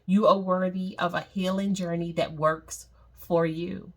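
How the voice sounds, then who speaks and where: A woman's voice: on the low side, little pitch movement. A woman leading a guided meditation, speaking in a soothing, repetitive way. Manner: slow, soothing, repeats phrases.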